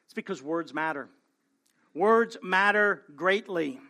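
A male pastor preaches in an earnest way, his voice high, expressive, slow, gravelly, and pushed and bright. He keeps adding "right?" to his points, checking in with the congregation.

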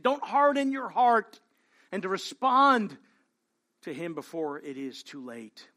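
A man preaching a sermon as pastor, swinging from hushed, slow lines to loud, pleading calls. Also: high-pitched, big pitch swings.

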